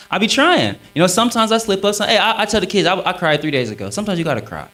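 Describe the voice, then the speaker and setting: A man's voice: quick pace, poor audio. A man talking on stage before an audience, preaching on scripture with a preacherly emphasis. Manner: lively, swinging pitch, preacherly emphasis.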